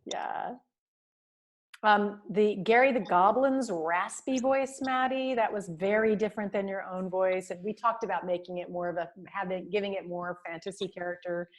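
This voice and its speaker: A woman's voice: medium pitch, normal speed. A woman teaching a voice and diction class, giving students feedback on their monologues over a video call, praising them with many fillers and small laughs.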